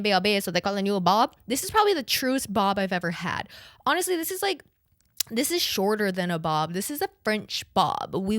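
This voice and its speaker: A young adult woman hosts a podcast in casual chat, rambling along with plenty of "like" and offhand swearing. Her voice is mid-range, recorded in studio quality with no echo.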